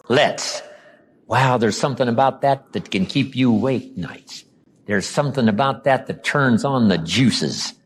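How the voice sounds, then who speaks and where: An American motivational speaker with a husky voice gives a seminar talk, acting out quoted lines and dropping his voice low to stress key points.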